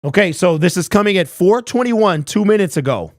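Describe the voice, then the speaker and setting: Fairly quick and animated, this young man's high-sitting voice carries his live sports talk show as he rants bluntly, reads chat aloud and keeps asking rhetorical questions. There's no echo, and the sound is clean studio quality.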